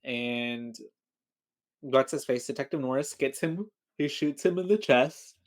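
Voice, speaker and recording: A man with a mid-range voice co-hosts a podcast in relaxed, joking chat. He often trails off and restarts mid-thought as he walks through the film. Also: medium pitch, unhurried. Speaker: podcast co-host. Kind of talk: casual movie recap chat.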